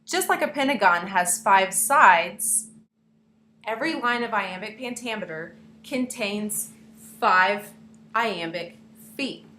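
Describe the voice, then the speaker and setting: Speaking straight to her students, a young woman narrates a classroom lesson in a playful way. She has an expressive mid-range voice with a sharp tone and a slow pace. Echo from the room and a faint hiss come through.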